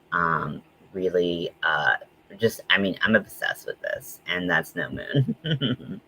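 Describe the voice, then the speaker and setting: A man with a deep, low-pitched voice chats casually on his livestream. He rambles, fills pauses with ums and drifts into quick asides. A faint noise sits under the recording. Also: pushed and bright, low-quality recording. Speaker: host.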